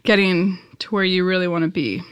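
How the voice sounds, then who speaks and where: A young woman who works as an audio engineer, speaking casually in a flat, monotone way. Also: lowish voice, fairly quick, clean tone. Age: young adult. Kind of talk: casual chat.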